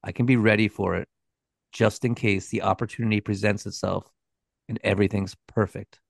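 A man's voice: fairly low pitch, level tone, a little fast, vocal fry, no echo, clean studio sound. A man doing an impression of a nasal, nerdy-sounding man who rambles through a list of goals in a mundane, matter-of-fact way. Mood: bitter. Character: nasal nerdy middle-aged man, mundane and chillingly flat.

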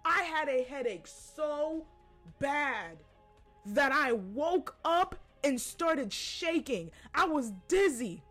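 A woman with a high voice tells a personal story to her podcast listeners. She talks casually and curses freely, often laughing between lines. Faint music plays behind her. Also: expressive, takes it slowly, a bit bright. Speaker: podcast host.

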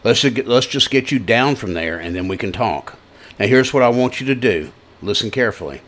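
A man voicing God as a calm, dry-humored presence from above, speaking low, soft and slow. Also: natural voice. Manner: calm, slow and unhurried, gently wry.

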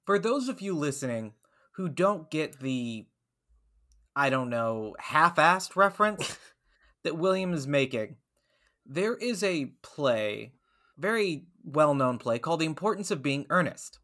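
A woman's voice: deep voice, expressive, unhurried, fairly bright tone. A woman hosting an improv comedy podcast, wry and exasperated as she explains. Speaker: podcast host.

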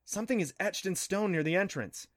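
A man's voice: sits high, animated, brisk, no echo, clean studio sound, pitched above the performer's own voice. A man voicing a clever, smug young girl who talks in a bossy, snappish way in a storybook. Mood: urgent.

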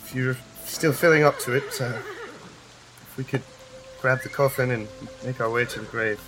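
A man's voice: mid-range voice, steady tone, normal speed, music in the background, lightly acted, poor audio. A man voicing a grieving young woman, daughter of the dead man, with a polite, hesitant and weary manner, in a tabletop game.

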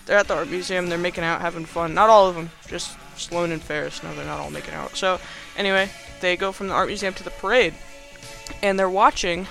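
A man's voice: high-pitched, fairly even intonation, a little fast, gravelly, over music. A young man hosting a podcast, casually recapping a movie in a rambling, filler-heavy, playfully sarcastic way. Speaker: podcast host.

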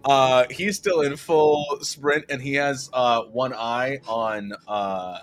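A man playing a tabletop game who describes his character's actions in halting bursts, filling the gaps with "like" and "uh." His voice sits at a middle pitch, with faint music behind it. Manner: halting, filler-heavy, laughing. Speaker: player. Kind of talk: casual tabletop play.

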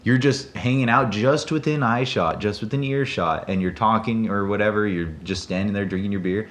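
A man's voice: lowish voice, moderate pace, few pauses, fairly bright tone. A young man co-hosting a casual podcast chat, joking and handing out mock advice. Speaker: podcast co-host.

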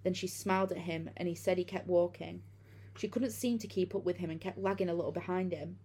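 A woman's voice: fairly low pitch, steady tone, brisk, warm tone, breathy edge. A woman reading a first-person horror story aloud in a casual, profane way. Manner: casual, profane retelling with many fillers. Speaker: narrator.

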